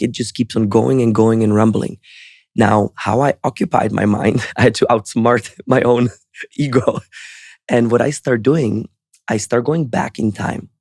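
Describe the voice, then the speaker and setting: Podcast guest, man, gravelly voice, earnest reflective delivery, dry close mic. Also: mid-range voice, darkish tone, dry recording. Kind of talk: storytelling interview answer.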